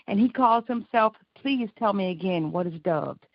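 A woman's voice: medium pitch, expressive, normal speed, no room sound. A woman from Illinois performs freestyle spoken word poetry down a muffled phone line. Her delivery is rhythmic, emphatic and brash, with plenty of cussing. The sound is dry, with no room around it. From Illinois, USA. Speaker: caller and spoken word poet. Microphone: phone call-in.

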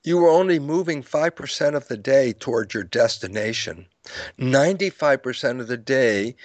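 A man's voice: a little high, dry recording. An older man explaining ideas in an interview, acting out his own lecture stories with quoted dialogue and frequent laughs. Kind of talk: storytelling explanation in conversation.

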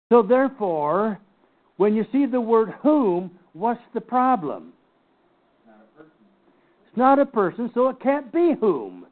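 An older man teaching a Bible class, slowly and emphatically picking apart scripture word by word. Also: sits high. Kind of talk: Bible study lecture. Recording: tinny phone-like recording.

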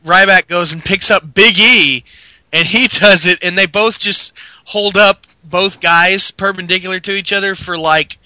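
Bright-voiced man recapping wrestling. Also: high voice, steady tone, a little slow, dry recording. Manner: rambling, laughing, swearing, acts out wrestlers' lines. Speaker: podcast co-host. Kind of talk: casual wrestling recap chat.

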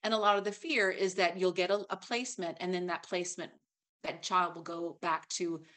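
A woman's voice: fairly low pitch, fairly even intonation, brisk, a bit bright. A middle-aged woman, a guest actress, telling her story in an earnest, heartfelt way during a casual interview.

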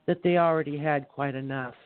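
A man reading his rhyming poem aloud in a measured recital on a live poetry show. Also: fairly high pitch, steady tone, clean tone, no room sound. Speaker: poet reading on air. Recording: tinny phone line.

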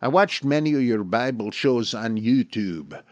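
A man reading out a listener's question in a deliberately clumsy put-on Dutch accent. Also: medium pitch, expressive, no room sound, lo-fi sound, lightly acted. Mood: earnest questioning. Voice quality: clumsy, exaggerated foreign accent.

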